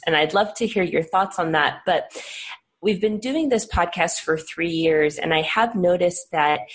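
Slow, low-voiced woman podcast host. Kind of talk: asking interview questions.

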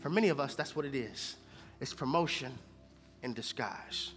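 A man preaching a sermon. He moves between hushed, whispered lows and loud, almost sung peaks. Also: normal speed, husky, faint music behind. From Houston, Texas. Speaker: pastor. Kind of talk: sermon with prayer.

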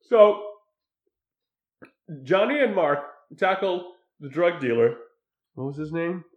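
A man casually recapping a film's plot, animated, often acting out quoted lines. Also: fairly high pitch, slow, echoey room, muffled recording. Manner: animated retelling with acted quotes. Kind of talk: casual film recap chat.

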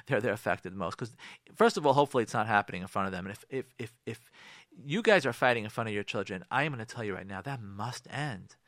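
A man's voice: lowish voice, expressive, fast talker, a bit bright, no echo, studio quality. A man speaking as a rabbi on a radio talk show, giving emphatic marriage advice with repeated rhetorical questions and frequent restarts.

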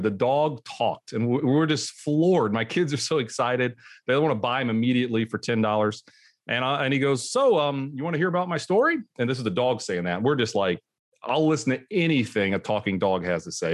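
Chatty middle-aged male podcast host. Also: mid-range voice. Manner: chatty, animated storyteller with frequent restarts. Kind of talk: casual podcast chat.

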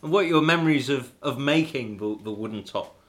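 A man hosting a podcast interview, enthusiastic and quick to exclaim in wonder. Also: medium pitch, animated, a bit bright. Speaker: podcast host.

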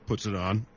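A man's voice: fairly low pitch, slight background noise. A man playing a tabletop game, speaking in character in an earnest, rambling way. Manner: earnest, rambling, clears throat. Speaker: player. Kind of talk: in-character tabletop role-play. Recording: dull lo-fi sound.

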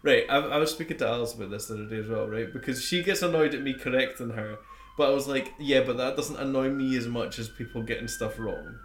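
A young man chatting casually as a podcast co-host, swearing a lot and ranting through animated stories. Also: mid-range voice, fast, echoey room, a little hiss or hum. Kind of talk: casual chat.

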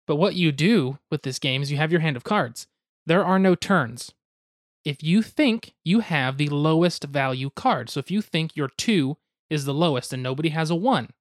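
A man's voice: fairly high pitch, normal speed, no echo, studio quality. Young man explaining game rules casually. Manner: goofy asides, hedging, explains rules step by step. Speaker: podcast host explaining board games.

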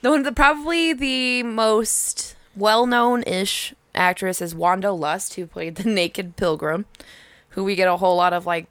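A woman's voice: mid-range voice, unhurried, fairly bright tone, smooth, dry recording. A woman co-hosting a podcast in crude, joking casual chat, laughing often. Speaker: podcast co-host.

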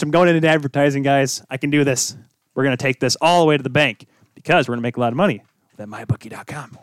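Young male host, mid-pitched, dry close sound, rambling and jokey. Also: lively intonation, fast talker, dry recording. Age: young adult. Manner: rambling, self-interrupting, jokey asides. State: tired from little sleep. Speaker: podcast host. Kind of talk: casual solo sports talk.

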